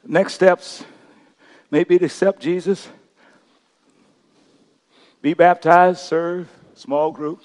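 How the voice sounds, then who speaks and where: A middle-aged male pastor preaching a sermon, swinging from quiet storytelling to shouted call-and-response. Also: sits high, fairly even intonation, takes it slowly, pauses often, big-room sound.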